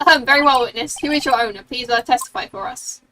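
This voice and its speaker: A woman's voice: high-pitched, quick pace, lightly acted. A woman doing a stammering old judge. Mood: flustered. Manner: hesitant, stammering. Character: flustered elderly male judge. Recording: distant mic with game music.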